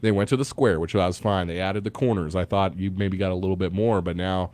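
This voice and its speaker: A man's voice: deep voice, fairly even intonation, fast talker, darkish tone. A man co-hosting a morning radio show, telling rambling stories with lots of fillers. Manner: rambling storyteller with many fillers. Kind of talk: casual morning radio banter. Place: radio studio.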